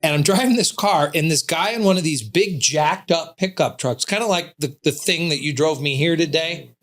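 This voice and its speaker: A man's voice: a little high, moderate pace. A man, an insurance agent, telling stories playfully in a casual podcast chat. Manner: animated storyteller, playful.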